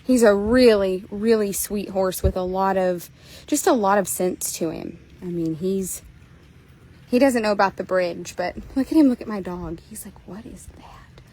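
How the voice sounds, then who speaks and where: A woman's voice: mid-range voice, normal speed, dark tone, poor audio. A woman talking viewers through a horse for sale outdoors at a trail course, chatty and upbeat, a little out of breath in the heat. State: hot and a bit out of breath. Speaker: horse seller and trainer. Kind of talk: casual sales walkthrough to viewers.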